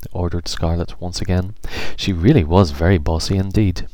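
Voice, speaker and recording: A man narrating a children's storybook in an expressive, measured way. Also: deep voice, dry recording.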